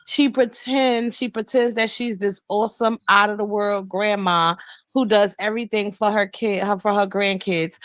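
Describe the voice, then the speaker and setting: A woman's voice: mid-range voice, fairly even intonation, moderate pace, fairly bright tone, no room sound. A woman co-hosting a livestream, giving blunt, profane gossip commentary in a casual chat. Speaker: livestream co-host.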